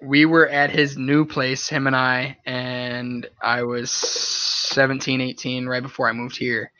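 A man's voice: mid-range voice, little pitch movement, a little slow, bright, forceful tone, clear, resonant tone, dry recording. A young man in his twenties telling a story casually on a podcast, laughing often and swearing. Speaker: podcast host.

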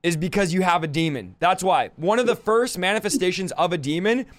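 A man's voice: high voice, a little fast. A man hosting a podcast, preaching in a rowdy, emphatic style and rattling off scripture references in rhythmic lists. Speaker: podcast host. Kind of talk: fiery preaching monologue.

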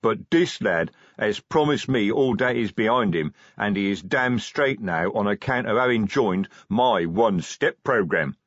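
Man doing a big gruff troll sergeant, slow broken grammar, growling, husky, dull audiobook sound. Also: lowish voice, animated, dry recording. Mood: earnest.

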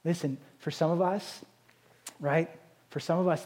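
A man's voice: a little high, steady tone, unhurried, a little mellow. A man preaching a sermon as a pastor, in a conversational style with frequent rhetorical "right?" asides.

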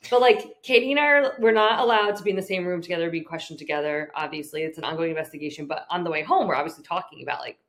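A young woman co-hosting a podcast, telling a story in a rambling, giggly way with lots of fillers. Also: fairly low pitch. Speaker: podcast co-host. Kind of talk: casual chat.

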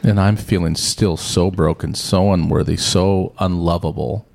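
A middle-aged man co-hosting a podcast, telling a personal story in a rambling, self-deprecating way and getting animated when quoting others. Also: low-pitched, a little slow, vocal fry. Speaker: podcast co-host. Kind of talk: casual storytelling chat.

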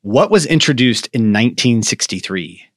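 Male co-host, wisecracking and animated, lively pitch, dry close-mic sound. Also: moderate pace, no echo. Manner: joking, animated banter. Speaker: podcast co-host. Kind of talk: casual chat.

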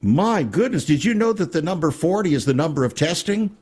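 A man hosting a Christian radio talk show, preaching with emphasis and dramatic pauses. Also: a little high, lively intonation, darkish tone, breathy edge. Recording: radio studio.

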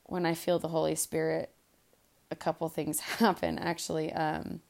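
A woman hosting a Bible study podcast, talking earnestly and softly, often repeating words as she gets emotional. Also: deep voice, monotone, normal speed, gravelly. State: emotional, quiet and soft-spoken. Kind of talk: casual devotional podcast talk.

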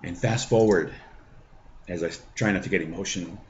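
A middle-aged man hosting a faith podcast, telling a personal testimony in a halting way full of fillers and restarts. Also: low voice, dull audio, slight background noise. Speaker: podcast host.

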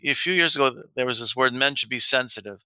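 Speaking quickly in a medium-pitched voice, a middle-aged man who coaches men on dating spins stories casually, playing out each line of dialogue and laughing frequently. The recording has no room sound.

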